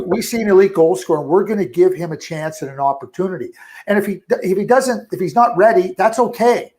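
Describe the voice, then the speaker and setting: A middle-aged man, a hockey scouting director, talking in a radio interview, often repeating words and restarting sentences. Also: sits high. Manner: talkative, repeats words and restarts, animated when quoting.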